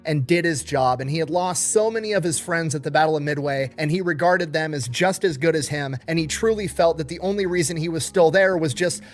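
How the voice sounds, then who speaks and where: A man casually telling a history story, animated, swearing and acting out the people he quotes. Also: a little high, a little fast, hardly any pauses, faint music behind.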